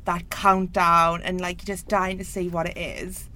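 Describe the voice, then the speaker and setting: A woman's voice: lowish voice, level tone, unhurried, bright, forceful tone. A young woman with a Geordie accent hosting a casual interview and teasing her guests. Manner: teasing, laughs often. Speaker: host.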